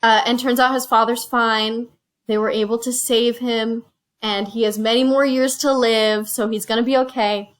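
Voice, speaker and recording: A chatty woman with a fairly high voice tells a story in a lively, animated way, dropping into little quoted voices as she goes. She sounds like she's talking into a phone camera in a relaxed home chat. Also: moderate pace. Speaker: reviewer and show host. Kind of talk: casual chat, retelling a movie plot. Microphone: phone used as camera.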